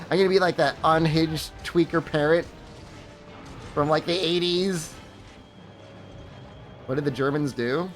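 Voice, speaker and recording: Streaming a game, this young man talks to his viewers in a loose, sarcastic ramble, cracking himself up along the way. His voice sits on the higher side, and he speaks unhurriedly with long pauses while faint music plays behind him.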